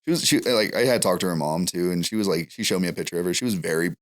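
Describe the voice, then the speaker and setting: A man's voice: low-pitched, fast talker. A man on a podcast, telling long rambling stories in a casual chat and laughing through them. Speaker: podcast guest.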